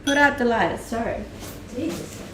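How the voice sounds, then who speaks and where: Her fairly high voice has lively intonation and moves at a moderate pace as she, a young Danish woman, answers viewer questions on a live stream. The chat is easygoing, peppered with laughs and fillers. Expect background noise, an echoey room, and a mic a little distant.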